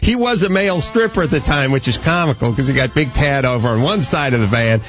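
A man hosting a talk radio show, telling a long comic story in a rambling, animated way. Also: mid-range voice, quick pace, faint music behind. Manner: animated, rambling, acts out quotes.

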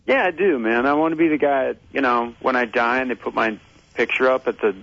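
A man's voice: mid-range voice, brisk, fairly bright tone. A male actor calling in as a guest, talking in a laid-back, drawling way and often saying "man". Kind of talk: casual phone interview. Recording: husky voice over dull lo-fi radio line.

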